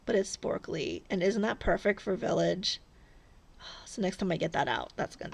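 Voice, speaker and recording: A woman's voice: on the low side, lively intonation, normal speed, creaky, slightly rough. A woman vlogging casually as she cross-stitches, rambling and chatty, often laughing at herself. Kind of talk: casual stitch-along chat.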